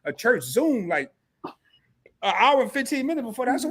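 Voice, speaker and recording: A man's voice: very high voice, big pitch swings, fairly quick, a bit bright, breathy edge. A man hosting a casual live-stream chat, joking and talking straight to his viewers while sore from a fall. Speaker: host.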